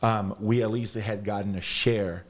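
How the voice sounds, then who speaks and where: A man's voice: lowish voice, steady tone, unhurried. A man who is a former basketball player and TV analyst, telling stories as a guest on a sports podcast. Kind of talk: casual podcast chat, storytelling.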